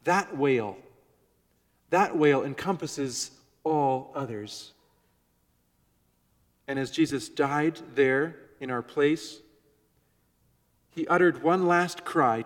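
Earnest pastor preaching in a reverberant church. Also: male voice, a little high, slow pace, pauses often. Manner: earnest, varies volume, drops to soft near-whisper on key words. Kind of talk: sermon. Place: church sanctuary.

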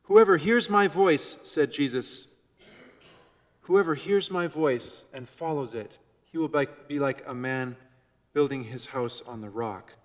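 Male pastor, mid pitch, sermon delivery; measured, soft-to-loud swings; church hall with long reverb. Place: church before a congregation.

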